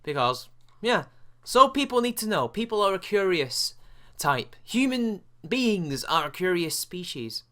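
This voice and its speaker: Sarcastic British man with a bright voice. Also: sits high, big pitch swings, a little slow. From England. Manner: mocking, profane, exasperated. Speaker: commentary video host. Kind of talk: sarcastic reaction commentary.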